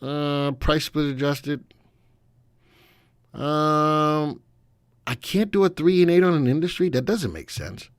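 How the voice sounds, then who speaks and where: A man hosting a live stock analysis webcast, walking viewers through charts with energetic, folksy commentary. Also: fairly high pitch, slow pace, long pauses, clean tone, no echo, studio quality. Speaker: stock market analysis host.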